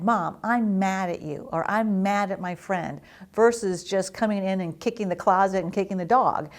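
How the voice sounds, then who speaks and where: This is a middle-aged woman, a family therapist, with a fairly low and slightly mellow voice. Addressing parents in an educational talk, she explains things earnestly and instructively, voicing children's quotes along the way.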